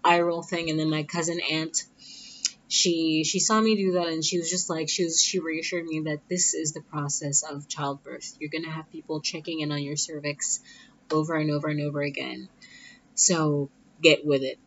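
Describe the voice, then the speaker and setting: A woman's voice: fairly even intonation, moderate pace, a little hiss or hum. A young woman casually telling a personal story, chatty and acting out what others said in a raised voice. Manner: chatty, acts out quoted voices higher. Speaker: vlogger telling a birth story. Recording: dull lo-fi sound.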